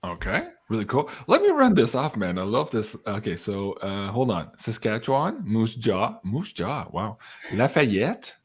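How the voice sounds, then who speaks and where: A man's voice: on the low side, wildly swooping pitch, unhurried, breathy edge. A man hosting a casual livestream, upbeat and chatty, reading out viewers' messages and laughing often. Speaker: livestream host.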